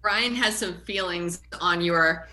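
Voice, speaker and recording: Super slow bright-voiced lady, playful drawl. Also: lowish voice, rough recording. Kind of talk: casual chat.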